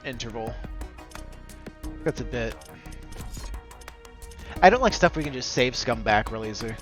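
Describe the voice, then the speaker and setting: A man's voice: mid-range voice, expressive, a little slow, fairly bright tone. A man streaming a game, chatting in a joking, rambling way and talking to viewers as folks. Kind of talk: casual gameplay commentary. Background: game music.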